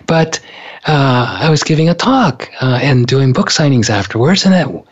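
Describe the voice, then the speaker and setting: A man's voice: mid-range voice, sing-song, moderate pace, slightly rough, dull audio. A male author telling a personal story in conversation, earnest, and often repeating words as he recalls events. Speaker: author and speaker.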